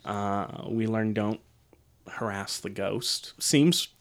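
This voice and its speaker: Rambling wry podcast man, low voice. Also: slow pace. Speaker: podcast co-host. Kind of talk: casual chat about a movie.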